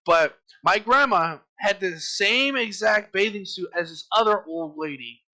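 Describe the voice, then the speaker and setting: A young man co-hosting a casual podcast chat, telling stories in an animated way and acting out his own panicked quotes. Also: high-pitched, a little slow. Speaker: podcast co-host.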